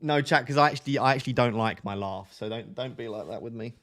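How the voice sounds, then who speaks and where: A man with a nasal voice chatting loosely through a desk microphone during a live stream. He sits at an ordinary middle pitch and hops from joke to joke. His tone is relaxed and playful as he talks to his chat. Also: quick pace. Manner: chatty, jokey, drifts between topics. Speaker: fantasy football live streamer. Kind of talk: casual live stream, reading chat aloud.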